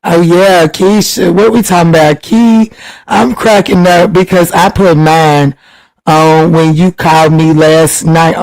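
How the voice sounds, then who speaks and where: Brief: a chatty man hosting a tarot livestream, high-voiced and teasing, with frequent laughs. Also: unhurried, rough recording. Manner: chatty, teasing, laughs often, pitch jumps up when excited. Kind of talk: casual live chat reading viewer comments. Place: home livestream.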